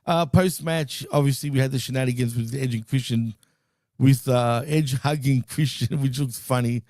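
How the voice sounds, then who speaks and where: A man on a podcast talking wrestling in a loose, slangy, excitable way. His voice sits mid-range, recorded close and dry with no room sound. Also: medium pitch, normal speed, no room sound. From Greek heritage. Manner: loose and excitable, swears and says dude and bro. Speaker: podcast co-host. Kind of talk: casual wrestling chat.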